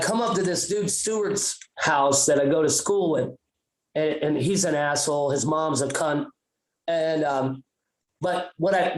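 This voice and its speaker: A young man telling a comic story on a podcast, profane and rambling. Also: fairly high pitch. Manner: profane, rambling, animated retelling. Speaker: podcast host. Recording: roomy echo.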